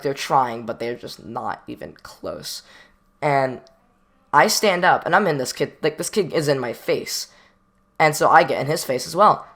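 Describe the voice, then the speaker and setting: A man's voice: mid-range voice, fairly bright tone. A guy spinning a casual storytime in a loose, rambling way. He leans on slang, stops to joke at his own expense, and acts out the quoted lines as he goes. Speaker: storytime vlogger.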